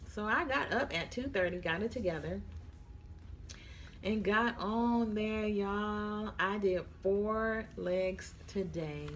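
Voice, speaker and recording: A woman's voice: mid-range voice, takes it slowly, noisy background. A young woman flight attendant chats casually to her viewers, tired and yawning, calling them y'all. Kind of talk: casual chat to camera.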